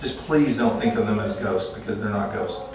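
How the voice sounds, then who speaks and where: A man teaching a class in a relaxed, conversational way, telling stories and often restarting his sentences. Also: on the low side, moderate pace. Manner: conversational, repeats words when restarting. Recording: echoey room, far from mic, faint noise.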